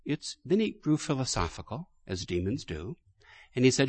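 A man, a Catholic priest, giving a sermon with deliberate preaching, swelling on strong words and dropping low and quiet at line ends. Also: sing-song. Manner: slow, deliberate preaching with emphatic rises and quiet drops.

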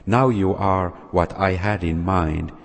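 A man voicing a patient, wise master potter who calmly explains himself. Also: sits low, takes it slowly, vocal fry, full character voice. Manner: calm, explaining. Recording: long hall reverb.

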